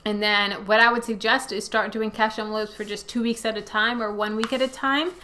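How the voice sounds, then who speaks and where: A woman's voice: on the high side, fairly even intonation, fairly quick, sharp tone, slight background noise. A young woman hosting a personal finance Q&A, chatty and conversational as she answers viewer questions. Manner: chatty, conversational, frequent fillers. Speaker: personal finance channel host. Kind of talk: casual Q&A, reading viewer questions.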